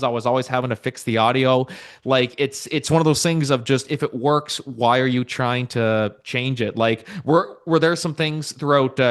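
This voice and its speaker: A man hosting a podcast, with a full, radio-style voice at a middle pitch. He talks loudly and projects even in relaxed conversation. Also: smooth. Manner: loud, projecting delivery. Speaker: podcast host. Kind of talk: casual interview chat.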